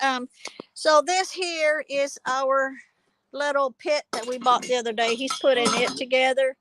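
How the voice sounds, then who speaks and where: A woman hosting a casual live phone stream from her backyard garden, talking loudly and rambling with fillers. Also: high-pitched, measured pace, a little hiss or hum, low-quality recording. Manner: loud, chatty, rambling with fillers. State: hard of hearing. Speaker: channel host. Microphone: phone held while walking.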